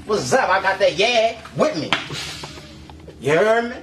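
A man's voice: sits high, expressive, a little slow, over music. A rapper, boasting in casual studio banter and asking again and again whether he's been heard. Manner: swaggering, keeps asking "you heard me". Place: small recording studio.

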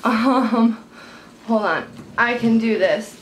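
A young woman, a beauty vlogger, chats to camera at home about makeup, rambling and blunt and swearing when annoyed. Her voice is medium in pitch, a bit bright, and measured in pace. It's a noisy home recording made indoors on a handheld camera mic.

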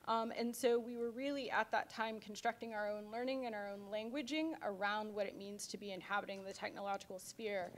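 A woman co-presenting at a conference as a guest speaker, talking fluently with frequent "kind of" and "you know". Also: on the high side. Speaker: guest speaker, arts organization director. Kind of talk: conference talk.

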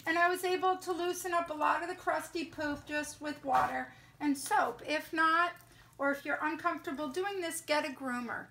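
A middle-aged woman dog trainer demonstrating how to clean a dog at an indoor sink, talking in a calm, soothing way. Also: high voice, moderate pace.

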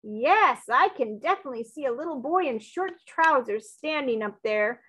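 A woman voicing a flustered, blustering male ship captain who exclaims excitedly. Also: high voice, moderate pace, slightly rough, full character voice. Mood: alarmed.

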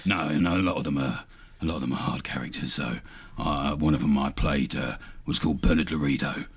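A man who is an actor and voice actor, chatting quickly and easily in an interview and laughing often. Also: extremely low pitch, steady tone, husky. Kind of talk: casual interview chat.

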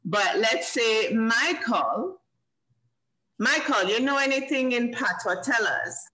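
Woman, host of a kids' video-call event, bright tone, playful and encouraging. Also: a little high, animated, slow, rough recording. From Jamaica. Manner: playful and encouraging, often laughing. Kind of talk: hosting a live online kids' event.

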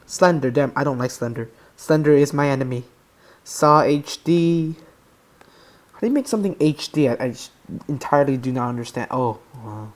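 A man giving excitable gaming commentary, swearing freely and breaking into yelps and screams. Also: mid-range voice, normal speed. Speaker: let's play gamer.

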